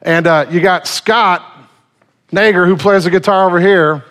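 A male pastor preaching a sermon in a casual, animated storytelling manner. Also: high voice, moderate pace.

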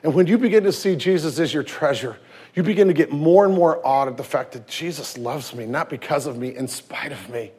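A man in his thirties, a pastor preaching a sermon with lively storytelling, swinging from loud emphasis to hushed tenderness. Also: a little high, brisk, slightly rough. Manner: acts out quoted voices and anecdotes.

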